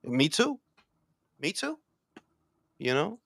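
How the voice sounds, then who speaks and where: Man co-host, profane animated ranter, lively pitch, dry mic. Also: slow pace, vocal fry, dry recording. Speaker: podcast co-host. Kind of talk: casual boxing talk.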